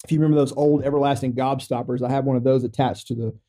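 A middle-aged military veteran telling a personal story in a podcast interview, joking matter-of-factly about serious things, loose and halting with lots of fillers. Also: male voice, mid-range voice, steady tone, warm tone. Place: podcast studio.

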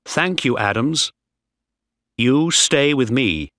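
A young ship officer speaks with defiant, firm resolve, as a man puts him on. His delivery is slow and his pitch moves a lot, recorded dry and close. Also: animated, pushed and bright, no room sound. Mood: commanding.

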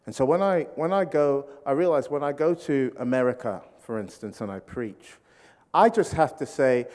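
A man from Britain preaching a sermon, telling comic stories and acting out loud congregations. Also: mid-range voice, moderate pace. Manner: comic storytelling, mimics congregations with shouts. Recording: reverberant hall.

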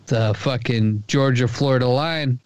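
An American man co-hosting a podcast, trading jokes and crude asides in loose, argumentative banter. His voice sits at an everyday pitch, and it is recorded close and dry with no room sound. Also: measured pace, a little mellow, no echo. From United States. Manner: profane, joking, playfully argumentative. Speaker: podcast co-host.

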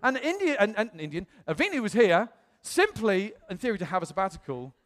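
A man's voice: high-pitched, big pitch swings, fairly quick, big-room sound. A British man, a pastor, telling a story in a sermon and acting out the voices of the people he quotes. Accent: British English. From England. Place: church auditorium.

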